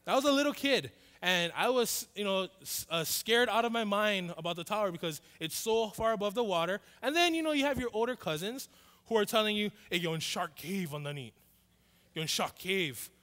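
A man's voice: sits high, expressive, brisk, a bit bright. A male pastor, telling a story in a sermon and acting out both sides of the dialogue. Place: church hall. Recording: reverberant church hall.

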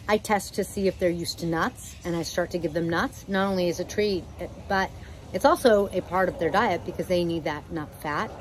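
A relaxed woman with a mid-range voice gives easygoing, chatty advice and speaks gently. She talks at home, and a faint noise sits behind her. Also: mid-range voice. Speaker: parrot channel host. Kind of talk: casual instructional talk.

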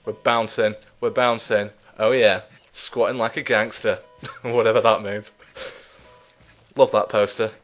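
A man's voice: on the low side, little pitch movement, unhurried, pauses often, a bit bright, soft background music. A man commentating his gameplay in a casual, chatty way, out of breath, self-mocking and laughing often. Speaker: let's play host.

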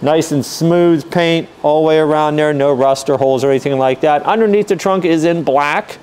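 A male car dealer narrates a casual vehicle walkaround with steady, unhurried patter, easygoing and methodical, with plenty of "um" and "uh" fillers. His voice is slightly high, with a clear, smooth tone.

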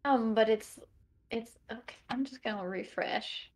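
A woman playing in a tabletop game over an online call, casual and flustered by software trouble. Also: on the high side, a little slow. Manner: flustered by tech trouble, laughing it off. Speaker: player.

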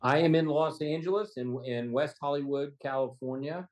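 A man's voice: on the high side, a little mellow, rough recording. A man, a trial lawyer and podcast guest, telling a story with emotion and stumbling over repeated words. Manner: halting, repeats words, gets choked up. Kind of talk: emotional storytelling in a remote interview. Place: Los Angeles, remote.

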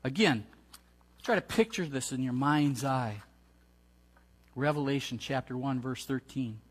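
A pastor preaches an earnest sermon and reads scripture with slow, deliberate weight. His voice sits at a middle pitch for a man. It rings with a long reverb, as if he is speaking in a large hall. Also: husky.

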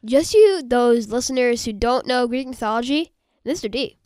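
High-voiced woman co-host, blunt. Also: moderate pace, a little mellow, clear, resonant tone, no echo, clean studio sound. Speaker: podcast co-host. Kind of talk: casual podcast chat.

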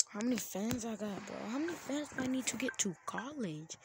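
A woman giving casual gameplay commentary as a streamer, full of playful slangy trash talk and excitable outbursts. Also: fairly high pitch, brisk, few pauses. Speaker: gaming streamer. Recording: loud background noise.

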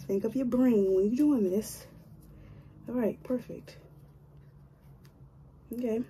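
A woman's voice: medium pitch, fairly even intonation, unhurried, pauses often, dark tone, slight background noise. A woman chatting casually to her viewers while doing her own hair, joking and grumbling to herself as she goes. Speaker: hair vlogger.

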